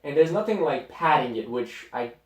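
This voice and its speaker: Chatty man podcaster in an echoey room. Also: fairly high pitch. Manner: animated storyteller, quick asides. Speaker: podcast co-host. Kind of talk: casual chat. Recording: roomy echo, mic at a distance.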